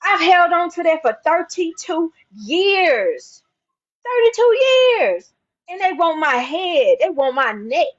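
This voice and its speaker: A woman with a high-pitched voice pours out her testimony with a preacher's fervor. She repeats key lines for emphasis and moves between low, hushed stretches and loud, soaring ones. The recording is dull and lo-fi. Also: sing-song, slow pace. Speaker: mother speaking out on her own channel. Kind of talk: impassioned spoken testimony.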